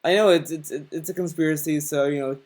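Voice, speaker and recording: A man's voice: fairly high pitch, fairly even intonation, a little fast, a little mellow. A man giving a casual, sarcastic reaction commentary on a streamer's video, mocking him and swearing often.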